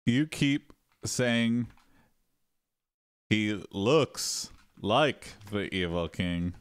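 Slow, clear-voiced man dictating story moves. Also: lowish voice, lively intonation, dry recording. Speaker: host typing story prompts. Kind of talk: improvised game play, casual.

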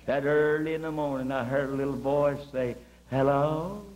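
A male evangelist from South Georgia, telling his testimony in a sermon with impassioned storytelling, his voice swinging high on emphasis. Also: steady tone, moderate pace, noisy background. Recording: humming 1980s video recording.

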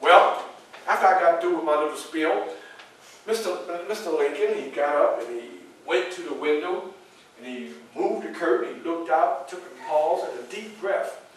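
A man's voice: fairly high pitch, normal speed, slight background noise, close to an everyday voice. Man playing a proud 19th-century abolitionist. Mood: earnest. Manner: addresses the audience directly, animated storytelling. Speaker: historical reenactor. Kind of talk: first-person historical portrayal for a live audience. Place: library event room. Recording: echoey room from far off.

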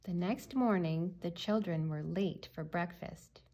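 A woman reading a children's picture book aloud with gentle, clear storytelling. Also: lowish voice, unhurried.

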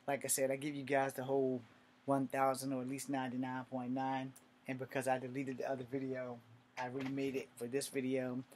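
A man casually telling a story to camera, blunt and profane, swinging from low mutters to loud outbursts. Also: slight background noise. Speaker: vlogger.

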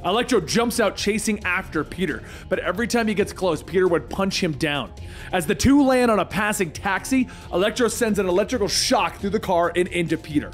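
A man narrating a comic book story in brisk recap style. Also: sits high, lively intonation, soft background music.

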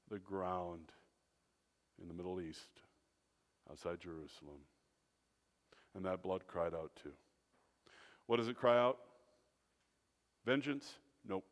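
A man preaching a sermon as pastor, dramatic, swinging between loud, emphatic phrases and hushed, low ones. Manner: dramatic preaching with wide swings in loudness and pitch. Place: church sanctuary. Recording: long church reverb.

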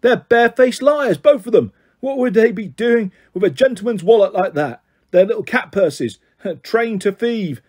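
Man voicing old male thief, reedy, shrieking, high, husky edge, storybook reading. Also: expressive, moderate pace, darkish tone. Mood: sneering, shrill. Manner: shrill accusing cries. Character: wily old male thief feigning blindness.

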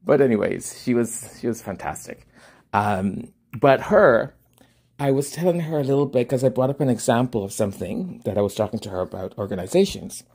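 Dark, husky male podcast host storytelling. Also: mid-range voice, fairly quick. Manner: animated, laughing, acts out both sides of a dialogue. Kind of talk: casual storytelling monologue.

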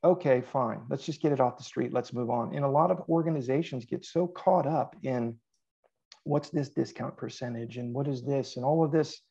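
Gravelly middle-aged man telling sales stories. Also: medium pitch, moderate pace, dull audio. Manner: animated storytelling, quoting himself. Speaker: podcast guest. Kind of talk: casual interview chat.

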